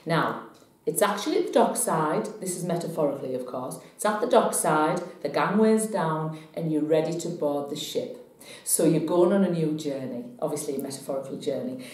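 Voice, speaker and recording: A woman telling a personal story to camera in a chatty, animated way. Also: sits low, normal speed. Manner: chatty, animated when retelling. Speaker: psychic vlogger. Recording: very echoey room.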